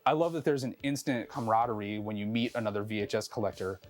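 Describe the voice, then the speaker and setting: A man's voice: on the low side, fast, soft background music. A man speaking earnestly and reflectively in an interview. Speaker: interviewee, tape collector.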